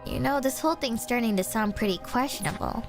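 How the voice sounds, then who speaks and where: A woman streamer reading a visual novel's dialogue for a wary young man looking into ghost stories, lowering and slowing her voice. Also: music in the background, close to an everyday voice. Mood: uneasy.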